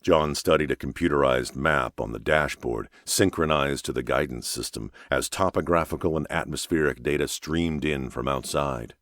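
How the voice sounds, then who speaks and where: A male audiobook narrator with a very deep, low voice, reading a thriller in a measured, even way. The recording is close and dry, with no room sound. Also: dry recording. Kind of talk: scripted narration.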